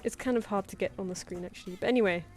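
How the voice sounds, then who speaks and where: A woman's voice: medium pitch, racing, soft background music. Chatty woman telling anecdotes. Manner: chatty, anecdotal, laughs often, acts out quoted voices. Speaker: artist streaming live commissions. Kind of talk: casual chat while drawing on stream.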